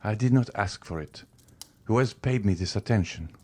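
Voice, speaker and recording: Man voicing a grim cold magistrate, deep low voice, clipped curt commands, audiobook reading. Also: normal speed, a little mellow, close to an everyday voice.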